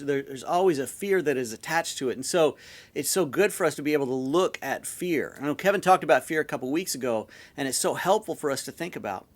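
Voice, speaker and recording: A male pastor giving a sermon in a relaxed, conversational storytelling way, often repeating words as he goes. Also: medium pitch.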